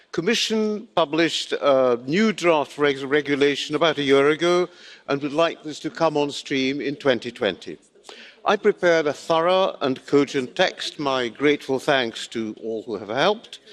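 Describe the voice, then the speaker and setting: A man member of parliament giving a measured, assertive formal speech as rapporteur in a parliament chamber. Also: fairly high pitch.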